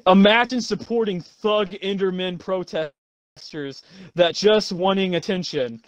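A man's voice: high voice, a little slow, no echo, lo-fi sound. A man reading game reviews aloud with friends over voice chat, laughing and incredulous. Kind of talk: casual voice-chat banter. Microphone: voice chat mic.

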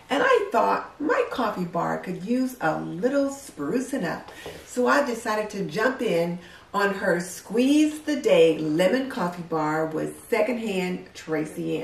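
A woman's voice: medium pitch, far from the mic, slight background noise. A chatty middle-aged woman walks through her kitchen decor in an upbeat, homey way. Her voice sits in a middle range and has a roomy echo. She sounds set a little back from the mic. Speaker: home decor vlogger. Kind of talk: casual show-and-tell tour. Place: home kitchen.

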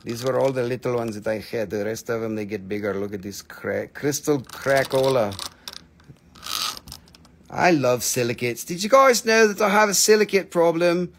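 A man of ordinary pitch hosts a casual live sales stream, joking and rambling as he shows off stones. He stretches out his excited exclamations in a playful way. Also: normal speed. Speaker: host selling crystals on a live stream.

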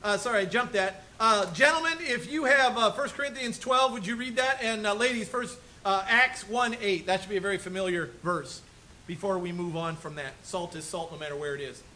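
A man's voice: high voice, a little fast, bright, forceful tone, a little hiss or hum, rough recording. A male pastor preaching a conversational sermon in a church room, often checking in with "right?" and "okay?". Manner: chatty, keeps asking "right?" and "okay?".

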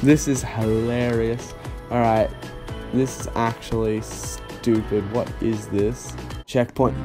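Brief: young male gamer, slow-talking and incredulous, with light game music. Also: mid-range voice, little pitch movement. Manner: sarcastic, incredulous reactions. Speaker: gaming YouTuber. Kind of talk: let's play commentary.

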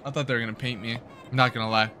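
A young man hosting a gaming video, giving excited let's-play commentary and cheering his team on with slangy outbursts. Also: medium pitch, rapid-fire, a little hiss or hum. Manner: hyped, yelling at the game, slangy.

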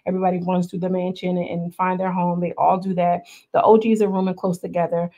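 A woman's voice: on the low side, quick pace, highs cut off. Chatty woman recapping reality TV. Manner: chatty, slangy, animated asides. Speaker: reality show recap vlogger. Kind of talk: casual commentary.

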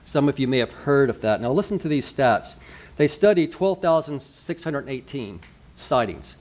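Pastor preaching conversationally. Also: male voice, medium pitch, animated, normal speed, a little mellow. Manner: conversational preaching with asides and rhetorical questions. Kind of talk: sermon.

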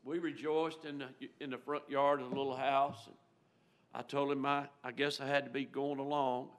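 A man preaching a storytelling sermon in a church, folksy and emotional, rising loud and dropping to a near-hush. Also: medium pitch, little pitch movement, moderate pace. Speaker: guest preacher. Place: church sanctuary.

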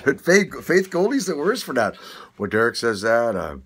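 A man's voice: on the high side, huge pitch swings, a little slow, fairly bright tone, slightly rough. An older man with a Manitoba Canadian accent, rambling through a casual opinion rant, swearing and stumbling over restarts. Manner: rambling, swearing, laughing often, many restarts. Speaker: vlogger.

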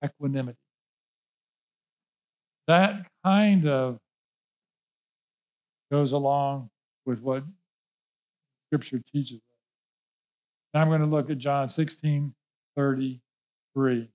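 A man's voice: medium pitch, lively intonation, slow, long pauses, a little mellow, highs cut off. A male pastor preaching a sermon, emphatic and folksy, repeating key words and mixing in casual asides. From Norfolk, Virginia.

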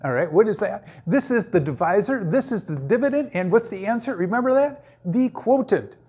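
A man runs a playful math lesson with a high and slightly husky voice. He jokes, sings a little and stays goofy between the steps of each problem. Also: lively intonation, normal speed, a little mellow. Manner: goofy, jokey, sings and puts on silly voices. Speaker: math teacher.

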